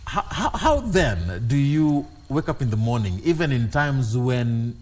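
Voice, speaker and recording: A man hosting a morning TV show, asking questions haltingly and repeating words as he starts. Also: medium pitch, very animated, a little mellow. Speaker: TV host.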